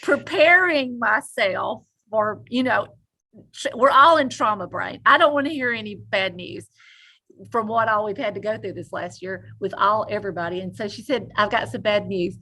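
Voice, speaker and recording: A woman co-hosting a podcast, telling a story in animated casual chat and laughing often. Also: mid-range voice, normal speed. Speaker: podcast co-host.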